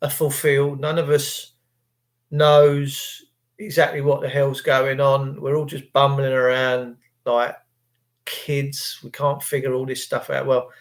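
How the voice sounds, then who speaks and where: A man's voice: mid-range voice, flat delivery, measured pace. An English man hosting a livestream, reading out chat comments in a crude, jokey, rambling way. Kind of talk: rambling casual monologue.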